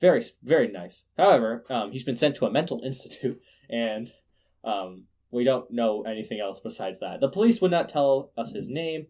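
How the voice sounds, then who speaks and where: A man hosting a casual news podcast, sarcastic and quick to laugh, often restarting his words. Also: mid-range voice, expressive, darkish tone. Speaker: podcast host.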